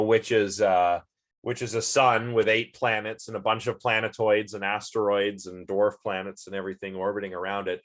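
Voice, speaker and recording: A man with a somewhat low voice talks through a philosophy lecture. His delivery is loose and conversational, full of ums, uhs and false starts as he thinks aloud. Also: a bit bright. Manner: casual, rambling, many fillers and restarts. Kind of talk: recorded online lecture.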